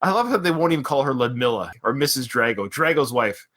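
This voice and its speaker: A podcast host from Canada chats about a boxing film in a bright, forward voice. His pitch bounces freely as he quotes and riffs. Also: slightly rough. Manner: animated, quick to laugh and quote. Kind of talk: casual chat.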